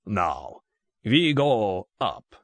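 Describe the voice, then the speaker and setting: In an audiobook, a male narrator puts on a sniggering Russian gunman with a thick Russian accent, drawling slow broken English. The voice drops a little lower and sounds different from the narrator's own, with good-humoured menace and blunt commands. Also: very animated, dry recording, full character voice. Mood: mocking. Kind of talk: audiobook character voice.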